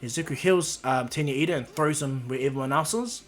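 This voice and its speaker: A man's voice: medium pitch, a little fast, soft background music. A man casually narrating a fan story off the cuff, with many fillers and restarts.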